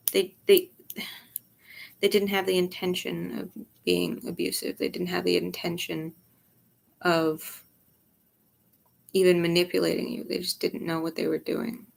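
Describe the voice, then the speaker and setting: Tired young woman rambling to camera, kinda low and gravelly, swears a lot, keeps dropping to a whisper. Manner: frank and rambling, swears, often drops to a near whisper. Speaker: vlogger. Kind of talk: candid personal vlog monologue.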